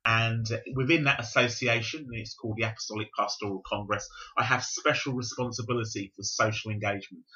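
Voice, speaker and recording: A man in his fifties from South London, speaking with a London accent as a bishop being interviewed on a podcast, explaining in a measured, reflective way. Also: on the low side, bright, forceful tone. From South London, England. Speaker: Pentecostal bishop, guest. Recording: dull lo-fi recording.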